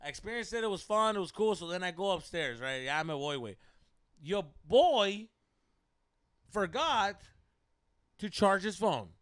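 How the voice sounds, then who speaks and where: A man telling a story on a podcast, animated, swearing often and mixing slang into his English. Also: high-pitched, a little slow, pauses often, clear, resonant tone, no echo, studio quality. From Mexico. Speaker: podcast co-host. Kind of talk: casual storytelling chat.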